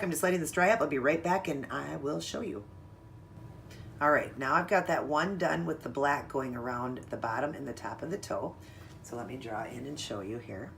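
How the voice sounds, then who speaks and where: A woman with a rumbling low, creaky, slightly bright voice narrates a casual step-by-step nail art tutorial. She chats with viewers as she works, and there is slight background noise.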